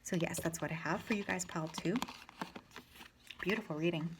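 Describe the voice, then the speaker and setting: A woman with a slightly low voice reads tarot cards for her viewers. She speaks gently and reassuringly, in a loose, chatty way with filler words. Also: a little fast, noisy background. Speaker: tarot reader. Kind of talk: channeled tarot reading.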